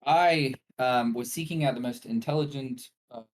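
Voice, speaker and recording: A man's voice: medium pitch, moderate pace, a little hiss or hum. A man playing a tabletop game, speaking in a composed, matter-of-fact way. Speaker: player. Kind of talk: tabletop role-play.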